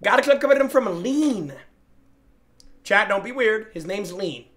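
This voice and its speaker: A young man streaming live, loudly reacting to viewer gameplay clips, teasing and excitable, swinging between shouting and muttering. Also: high voice, a little slow.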